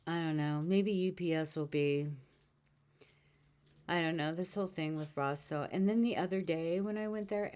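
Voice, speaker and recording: Fifty-something woman venting into a far-off mic, lowish voice, swears a lot, keeps rambling. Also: a little mellow. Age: 50s. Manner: frustrated, rambling, swears often. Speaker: vlogger. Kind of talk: casual venting monologue. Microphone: mic set far away.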